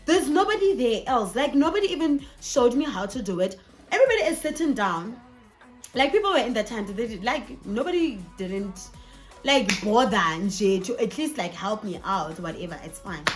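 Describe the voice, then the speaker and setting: Young woman, South African accent, storytime vlog, animated chatty telling, somewhat high voice, faint music behind. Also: moderate pace. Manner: chatty, animated, mixing in Sesotho phrases. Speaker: vlogger. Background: faint background music.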